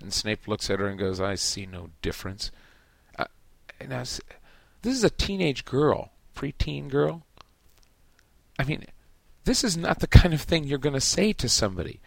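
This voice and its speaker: Gravelly, emphatic male podcast host. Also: mid-range voice, dry recording. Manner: emphatic, halting with many restarts. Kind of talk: casual book discussion.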